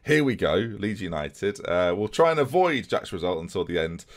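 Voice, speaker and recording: A man with a fairly low voice narrates his game in a chatty, self-deprecating manner. He talks straight to his viewers, musing aloud as he plays. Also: very animated, moderate pace. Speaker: gaming YouTuber host. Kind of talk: casual let's-play commentary.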